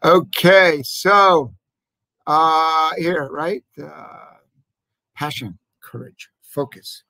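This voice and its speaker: A middle-aged man, a jewelry business owner, talking casually to camera in an animated, rambling, emphatic way. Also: on the high side, drawn-out words, dry recording, poor audio.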